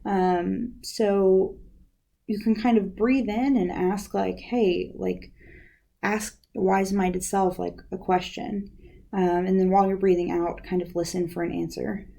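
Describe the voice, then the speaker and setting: With a gravelly, mid-range voice and a measured pace, a young university outreach specialist leads a laid-back guided lesson on counseling skills. Her manner is easygoing, and "um" and "like" come up constantly.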